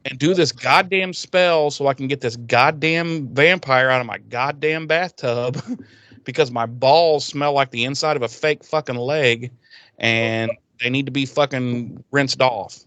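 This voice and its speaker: A man's voice: medium pitch, measured pace, a bit bright, no echo, natural voice. A man voicing a crude, foul-mouthed older male librarian who rants in a profane stream, in his own everyday voice. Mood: ranting. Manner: profane ranting.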